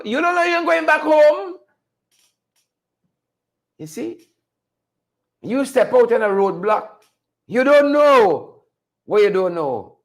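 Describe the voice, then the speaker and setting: Animated man hosting a live show. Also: high voice, creaky. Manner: animated, conversational, addresses viewers as folks. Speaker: host. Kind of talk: live-stream commentary show.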